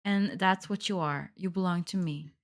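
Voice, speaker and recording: A woman reading the lines of a cold, possessive male captor in a horror visual novel, in a quiet, menacing way. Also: fairly low pitch, normal speed, lightly acted. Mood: coldly possessive.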